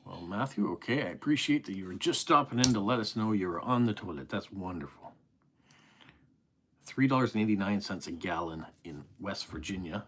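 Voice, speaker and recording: A middle-aged man with an East Coast Canadian accent hosts a live stream. His voice sits a little low, and he is friendly and chatty as he reads viewer comments aloud and answers them. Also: animated, brisk. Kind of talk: casual live-stream chat reading comments.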